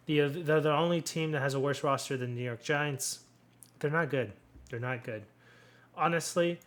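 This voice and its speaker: A man's voice: medium pitch, a bit bright. A young man hosting a casual solo sports recap, rambling and blunt, swearing freely and restarting his sentences often. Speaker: sports commentary host.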